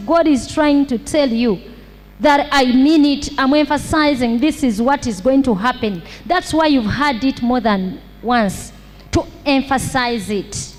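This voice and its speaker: A woman pastor delivering a sermon, preaching slowly and repeating points for emphasis, with rhetorical questions to the congregation. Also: high-pitched. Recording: long hall reverb.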